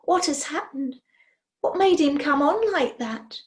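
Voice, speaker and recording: A woman's voice: sits high, lively intonation, unhurried, pitched above the performer's own voice. A woman reading a storybook aloud, voicing a lovestruck, fretful adult witch who speaks emotionally. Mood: bewildered. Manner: pleading, emotional.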